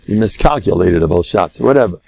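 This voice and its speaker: An older man, a rabbi, teaching a lesson through lively storytelling, with Hebrew and Yiddish words mixed in. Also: sits low, quick pace, vocal fry, husky.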